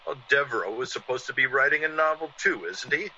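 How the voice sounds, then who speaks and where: A vengeful ex-convict with a sharp, bright voice that swings widely in pitch. He talks in a theatrical 1940s radio style. The sound is dull and lo-fi, like an old radio recording. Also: expressive, fast talker, slight background noise. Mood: coaxing. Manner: theatrical, menacing in the scene within the scene. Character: Kerrigan, a man acting out a vengeful ex-convict. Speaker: radio drama actor.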